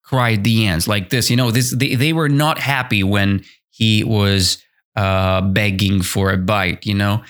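A man's voice: on the low side, measured pace. A man teaching English on a podcast, explaining a story and asking his listeners questions as he goes. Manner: animated, repetitive, asks listeners questions. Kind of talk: explaining a story in a language lesson.

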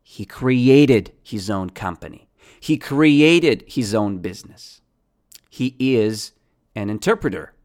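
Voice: medium pitch, animated, takes it slowly, a little mellow. An English teacher running a lesson, asking questions and answering them, repeating key words, with non-native grammar.

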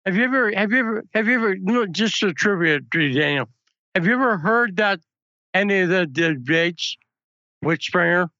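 A man's voice: sits high, animated, normal speed, pushed and bright, no echo, muffled recording. A man hosting a political talk show, chatting casually and telling anecdotes. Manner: chatty, storytelling asides.

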